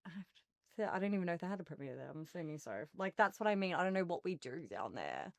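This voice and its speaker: A woman's voice: fairly low pitch, very animated, fast talker, vocal fry, dry recording. A woman in her twenties from Australia, with an Australian accent, chatting as a guest and laughing often, her talk full of "like". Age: 20s. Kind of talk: casual chat.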